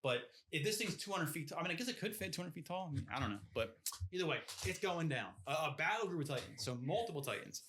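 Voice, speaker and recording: A man's voice: fairly high pitch, lively intonation, fast, fairly bright tone, slight background noise. A man co-hosting a podcast, chatting casually about a book in a rambling way, often asking "you know what I mean?". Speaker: podcast co-host. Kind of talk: casual book discussion chat.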